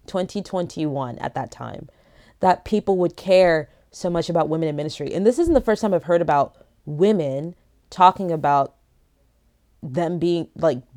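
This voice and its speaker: A woman's voice: sits low, warm tone. A young woman hosting a casual solo podcast from home, rambling and joking with many fillers while lying down. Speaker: podcast host.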